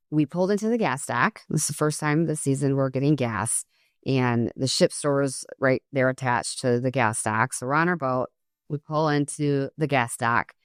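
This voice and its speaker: A middle-aged woman hosting a podcast, telling a family story earnestly and acting out quoted lines with a higher voice. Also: no echo, clean studio sound. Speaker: podcast host. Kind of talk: solo podcast talk with storytelling.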